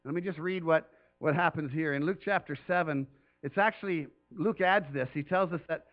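A man's voice: on the high side, normal speed, dull audio, soft background music. A man preaching a sermon as pastor, talking earnestly and conversationally with emphatic rises.

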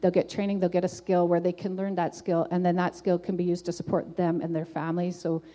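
Middle-aged woman, mellow tone, earnest chatty faith testimony, filler-heavy. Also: lowish voice, level tone, a little fast. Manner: earnest, conversational, frequent "like" and "um". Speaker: testimony speaker.

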